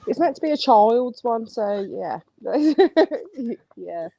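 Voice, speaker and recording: A woman's voice: fairly high pitch, expressive, slow pace, vocal fry, mellow, dry recording. A woman who is a guest on a casual late-night live chat, giggly and chatty. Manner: giggly, chatty storyteller, swears.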